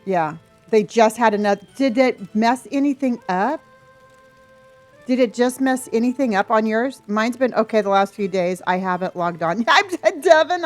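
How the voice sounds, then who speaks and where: A woman streaming a video game from home, chatting casually and greeting viewers by name. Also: mid-range voice. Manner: bubbly, greets chat by name. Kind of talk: casual livestream chat.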